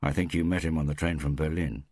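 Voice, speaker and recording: A man voicing a weary, shrewd male police captain who speaks in a measured, quietly ironic way. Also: extremely low pitch, steady tone.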